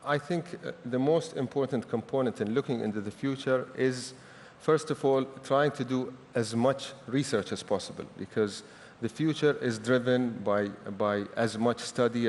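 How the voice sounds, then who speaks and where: Measured male panelist with hesitant pauses. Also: medium pitch. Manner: measured, polite, frequent hesitations. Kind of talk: formal panel remarks. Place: large conference hall. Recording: reverberant hall, faint room noise.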